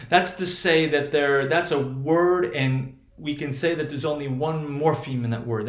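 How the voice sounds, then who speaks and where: In an echoey room, a male linguistics lecturer with a fairly high voice teaches phonetics to a class. His delivery rambles with lots of restarts and frequent check-ins of "right?".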